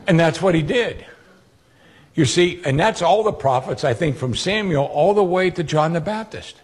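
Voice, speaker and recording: A man preaching a sermon, retelling Bible stories with animated quoted voices. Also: fairly high pitch, normal speed, slightly rough.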